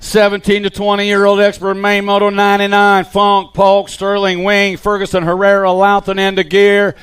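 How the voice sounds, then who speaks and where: High, clear-voiced excited BMX race caller. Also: male voice, moderate pace. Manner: excited play-by-play calling riders and positions. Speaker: race announcer. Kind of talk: live race commentary.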